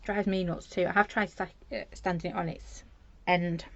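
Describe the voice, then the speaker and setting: A woman's voice: lowish voice, fairly even intonation, moderate pace. A chatty woman from Britain, rambling cheerfully while she demonstrates a journal craft project on a live stream. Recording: dull lo-fi livestream audio with faint noise.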